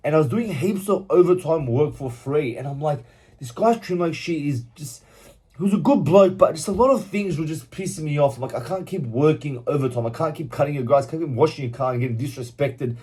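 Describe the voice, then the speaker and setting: Young aussie guy, husky voice, blunt and sweary, just venting his story to camera. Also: on the high side, fairly quick, a little mellow. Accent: Australian. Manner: blunt, swears freely, vents openly. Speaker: vlogger. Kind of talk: candid personal storytelling.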